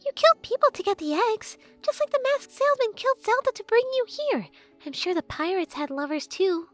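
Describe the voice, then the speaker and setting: Woman doing a sarcastic high fairy. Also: big pitch swings, moderate pace, a bit bright, faint music behind, exaggerated voice. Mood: bitter. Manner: snarky, blunt. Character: sharp-tongued sarcastic female fairy. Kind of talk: audiobook character voice.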